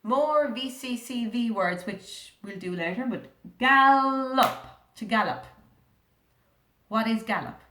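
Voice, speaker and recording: An Irish woman teaches a young class to read, speaking at an everyday middle pitch. She is patient, sounds words out slowly and keeps asking the children questions. Her voice rings a little in an echoey room. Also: a little hiss or hum. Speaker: primary school teacher. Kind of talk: recorded remote reading lesson.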